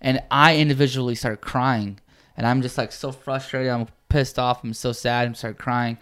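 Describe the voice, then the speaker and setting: A man's voice: mid-range voice, normal speed, clear, resonant tone. A young man, a dance crew member, telling stories in a casual chat with lots of "like" fillers. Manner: animated storyteller, frequent "like" fillers.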